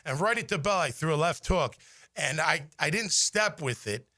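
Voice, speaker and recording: A man with a high, bright voice spins a lively, self-mocking tale on a sports radio show. His pitch swings widely as he tells it. The studio sound is dry and close. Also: moderate pace, no echo. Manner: lively, self-mocking storyteller who acts out quotes. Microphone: studio microphone.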